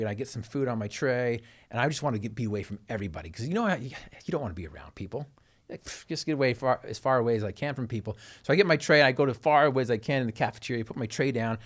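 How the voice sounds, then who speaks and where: A man, a guest speaker, telling an emotional personal story in an earnest, intense way, his voice dropping low at key moments.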